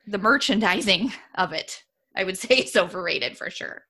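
A woman co-hosting a casual chat, opinionated and animated, often laughing as she talks. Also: mid-range voice, moderate pace. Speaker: podcast co-host.

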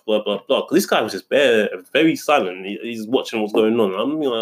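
A man's voice: medium pitch, lively intonation, fast, few pauses. A young man in casual chat, telling a story indignantly and rambling, with many restarts. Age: young adult.

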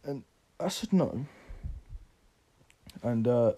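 A man's voice: medium pitch, animated, normal speed, warm tone. An eighteen-year-old man, drunk, telling a rambling story on his podcast, swearing often. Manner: swearing, rambling, filler-heavy. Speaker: podcast host.

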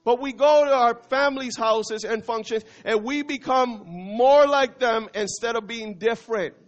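A man preaching a passionate sermon as pastor, swinging between loud and hushed and dropping in Spanish phrases. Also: very high-pitched, a little slow.

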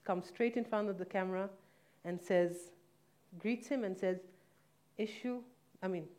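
A woman's voice: mid-range voice, warm tone. A woman telling a painful personal story in a candid, reflective way, now and then correcting herself. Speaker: guest telling her own story.

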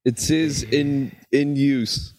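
A man's voice: mid-range voice, steady tone, drawn-out words, a little mellow, husky, no echo, clean studio sound. A man playing a tabletop game, hesitantly describing what his character does in the third person. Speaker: player. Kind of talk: tabletop role-play narration of his character.

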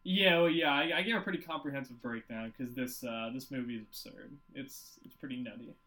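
A young man co-hosting a casual movie-review podcast, talking in an animated, profane, rambling way. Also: medium pitch, brisk, rough recording. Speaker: podcast co-host.

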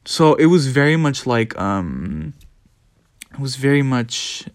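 Animated young Dutch man rambling. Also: slow, no echo, clean studio sound. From Netherlands. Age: young adult. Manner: animated, profane, mimics others in squeaky voices. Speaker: podcast host. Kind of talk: casual rambling monologue.

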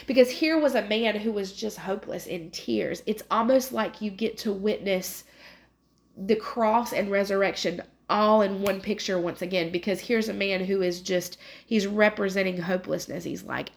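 A woman reads scripture and leads a devotional prayer talk, earnest and openly emotional, often restarting her sentences. Her voice sits in a middle register with a noticeable gravelly fry. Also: medium pitch, normal speed. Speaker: prayer leader.

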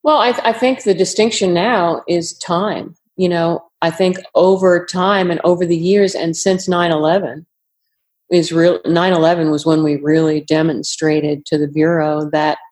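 A retired woman with a New York accent, answering interview questions in a measured, careful way. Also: on the low side, fairly even intonation, a little mellow. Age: older. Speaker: retired FBI agent, guest.

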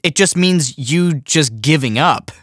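A man co-hosting a podcast trades excitable, teasing banter. His voice is bright and a touch high, and it is recorded dry and close. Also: unhurried, no echo. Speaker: podcast co-host. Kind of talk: casual podcast chat.

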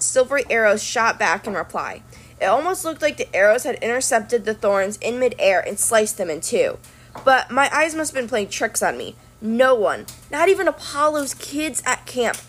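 A woman's voice: fairly high pitch, a bit bright. A woman reading a novel aloud, narrating in the first person with expression. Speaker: reader.

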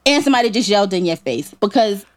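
Animated New York woman ranting. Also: medium pitch, fast. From New York, Harlem. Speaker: podcast co-host. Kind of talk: casual chat.

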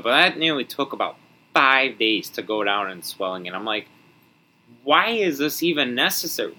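A man's voice: mid-range voice, pushed and bright, poor audio. A young man from Wisconsin hosting a solo podcast, rambling and joking with mock indignation. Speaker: podcast host.

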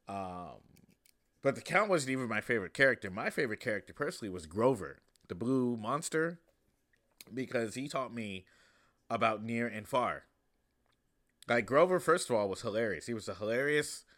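A young adult man hosting a casual monologue, rambling and relaxed with many fillers. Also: on the low side. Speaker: host.

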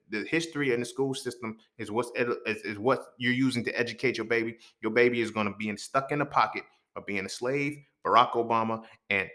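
A young man hosting his own podcast, talking alone in a heated, profane monologue that rises to near-shouts and then drops low. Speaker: podcast host. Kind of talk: impassioned solo monologue.

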